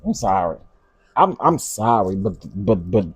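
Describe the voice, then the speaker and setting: A man's voice: on the low side, sing-song, a little slow, breathy edge. A middle-aged man hosting a casual live commentary stream, exasperated and ranting as he answers his chat. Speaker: livestream commentary host.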